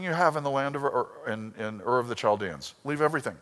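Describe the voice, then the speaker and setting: A man preaching a sermon, telling a personal story with emotion and swinging between loud bursts and hushed lines. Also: medium pitch, lively intonation, fast talker, hardly any pauses, in a large hall. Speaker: pastor.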